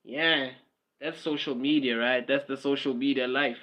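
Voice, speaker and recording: A man's voice: medium pitch, fairly even intonation, moderate pace, bright, forceful tone. A man with a South African accent rambling casually on a livestream, with repetitive fillers and mocking asides.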